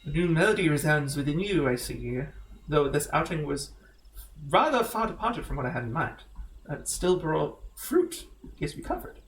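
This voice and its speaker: A man voicing a measured, formal male music teacher, speaking low and quiet. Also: sing-song, echoey room, distant mic, rough recording.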